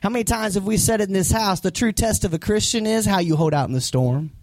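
A man preaching a sermon as pastor, animated and acting out voices from the story. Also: high voice, quick pace, no echo.

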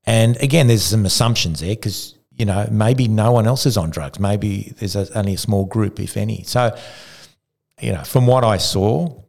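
A man's voice: fairly low pitch, moderate pace, creaky. A man from Argentina, a retired cyclist and podcast guest, telling a story with lots of restarts and acted-out quotes. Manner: animated storyteller who acts out quotes, frequent restarts. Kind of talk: casual storytelling.

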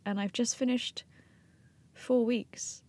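A woman's voice: fairly high pitch, steady tone, slow, darkish tone. Young woman, podcast guest, loose and self-mocking, trails off often. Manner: chatty, self-deprecating, laughs often, trails off with fillers. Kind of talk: casual chat.

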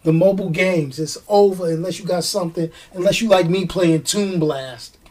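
A middle-aged woman hosting a movie show, ranting in animated, slangy film commentary and stretching words for emphasis. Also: on the low side, moderate pace, recorded from a distance.

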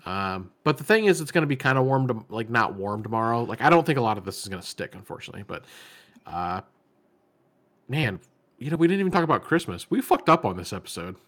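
A man co-hosting a casual podcast, telling animated stories, acting out what people said and swearing freely. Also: medium pitch, fast talker. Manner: animated storyteller, acts out quotes, swears. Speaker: podcast co-host.

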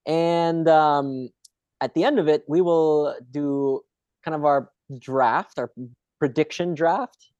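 A man's voice: a little high, takes it slowly, a little mellow, clean tone, no room sound. A man hosting a podcast in a chatty, rambling way with asides. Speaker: podcast host. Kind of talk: casual chat. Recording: dull, dry lo-fi sound.

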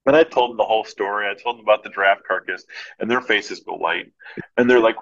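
Animated laughing male storyteller. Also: lowish voice, fast, lo-fi sound. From Michigan, US. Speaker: podcast guest. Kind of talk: casual storytelling.

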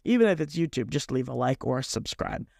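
A man's voice: medium pitch, very animated, brisk, creaky, a little mellow, dry recording, clean studio sound. A young man hosting a faith podcast, talking in a rambling, earnest way and often correcting himself. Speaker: podcast host. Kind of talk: casual devotional podcast talk.

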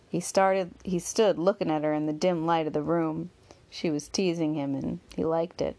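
A woman narrating a novel in a steady, measured reading. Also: sits low. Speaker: audiobook narrator. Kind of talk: scripted narration.

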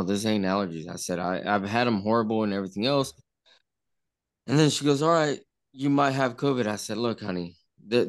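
A man's voice: lowish voice, clear, resonant tone. A man at a party telling a long story in a rambling way, repeating himself and acting out what others said. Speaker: party guest. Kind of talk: casual storytelling. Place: indoor party room.

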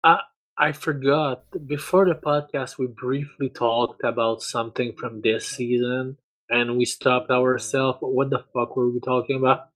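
A man of middle pitch talks in loose podcast chat, tripping over and repeating his words. He often tags his remarks with a questioning "no?". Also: level tone, measured pace, a bit bright, poor audio. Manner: stammering, repeats words, ends with tag questions. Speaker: podcast co-host. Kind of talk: casual chat.

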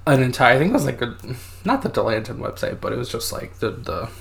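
A man's voice: mid-range voice, very animated, fast, gravelly, a bit bright. A man co-hosting a casual podcast, telling a story in a hesitant way, reading out quoted passages and using many fillers.

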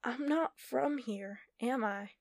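A woman's voice: mid-range voice, steady tone, normal speed, darkish tone, no room sound, clean studio sound, close to an everyday voice. A woman narrator voicing a young witch girl who is earnest and defiant.

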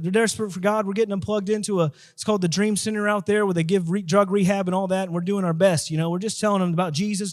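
A man, an evangelist, telling a street-ministry story as a guest, talking in an emphatic, repetitive, preaching way. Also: high-pitched. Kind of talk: testimony told in an interview.

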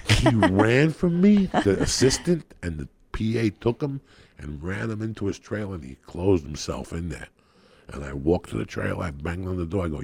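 A man's voice: sits low, expressive, normal speed, creaky, a little mellow, breathy edge. A middle-aged man, a guest comedian, telling a rowdy, profane story on a podcast and acting out the people in it.

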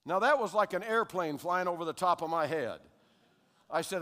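An older American man giving a lively spoken testimony to a congregation, checking in with his listeners as he tells his story. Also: sits high, moderate pace. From United States. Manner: animated storyteller who keeps checking in with the audience. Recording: long hall reverb.

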